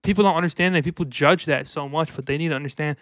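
Bright-voiced man riffing comic bits. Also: fairly high pitch, fast talker, no room sound, clean studio sound. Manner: riffing, absurd deadpan storytelling, slangy. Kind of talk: casual comedic chat.

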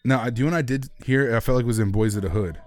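A man's voice: mid-range voice, racing, a little mellow, a little hiss or hum. A man co-hosting a podcast, telling a story in casual chat, laughing and acting out the people he quotes. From Philadelphia area. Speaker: podcast co-host.

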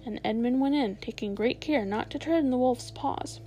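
A woman reading a children's novel aloud in a measured, expressive way. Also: on the high side, faint music behind, low-quality recording. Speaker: storyteller.

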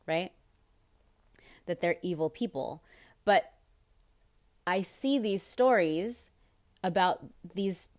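A young woman hosting her own podcast, rambling in casual chat, swearing freely and getting worked up with outrage. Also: fairly low pitch. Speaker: podcast host. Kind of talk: casual solo podcast talk.

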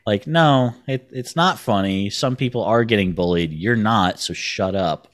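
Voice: mid-range voice, measured pace. Blunt, laughing teacher co-host. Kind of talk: casual chat.

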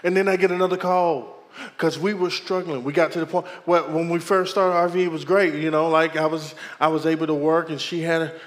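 Animated preacher man in a reverberant hall. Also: a little high, brisk. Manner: animated storytelling preacher, calls to the congregation. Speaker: pastor. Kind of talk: sermon.

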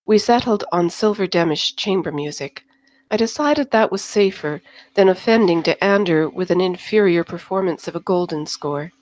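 A woman's voice: lowish voice, moderate pace, darkish tone, natural voice. A woman voicing Eva, a poised female dance-house owner with polite, formal phrasing, plainly worried underneath. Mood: gracious.

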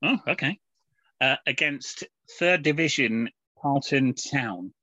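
A man's voice: medium pitch, expressive, slow pace, bright, forceful tone, dry recording. A man co-hosting a casual podcast, rambling along with plenty of fillers and restarts. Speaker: podcast co-host. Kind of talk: casual chat reviewing comics. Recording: dull lo-fi podcast audio.

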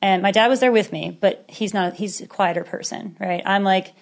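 A woman in her thirties, a podcast guest in casual conversation, telling stories with lively acted-out quotes and frequent laughter. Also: mid-range voice, moderate pace, vocal fry. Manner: animated storyteller who acts out quotes, laughing often.

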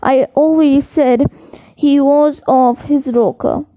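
A woman reading the part of a blunt, excitable schoolboy wizard in an audiobook, offhand in manner. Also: high-pitched, slow, no room sound, dull audio.

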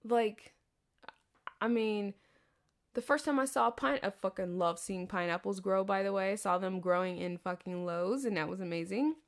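A woman's voice: medium pitch, normal speed. A woman in her thirties rambling candidly in a podcast monologue. She swears freely and laughs often. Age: 30s. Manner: candid, profanity-laced, chatty with frequent laughs. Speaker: podcast host.

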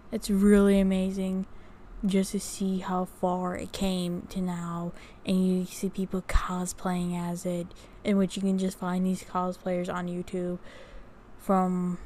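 A woman's voice: lowish voice, dark tone, slight background noise. A woman vlogger talking casually about what she has researched, rambling with many fillers and restarts. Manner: unhurried, reading notes off research. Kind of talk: casual talk to camera.

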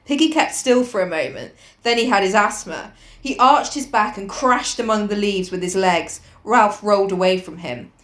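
A woman reading a novel aloud to a friend at a steady pace, with joking, laughing asides in between. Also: mid-range voice, moderate pace. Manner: reads steadily, often breaks into laughter and swears. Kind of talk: casual read-along with laughing asides. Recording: echoey room.

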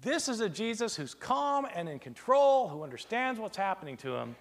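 A man lecturing in a high voice that swings widely in pitch. He talks in an animated way and keeps asking rhetorical questions. His words ring out with a long reverb, as in a big hall. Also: normal speed. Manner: animated, rhetorical questions, plays out imagined exchanges. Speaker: lecturer on early Christian texts.

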